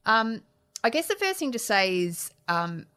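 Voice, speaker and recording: A woman's voice: fairly high pitch, sing-song, a little slow, pushed and bright, clean tone. An Australian woman politician answering interview questions in an earnest, frank way, often restarting her phrases. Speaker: politician, shadow minister.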